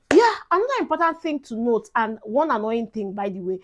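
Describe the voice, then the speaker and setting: Chatty Nigerian woman, slightly high voice. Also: big pitch swings, normal speed, a little mellow. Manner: emphatic and chatty, slipping into Pidgin phrases. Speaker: vlogger giving advice to incoming students. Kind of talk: casual advice vlog.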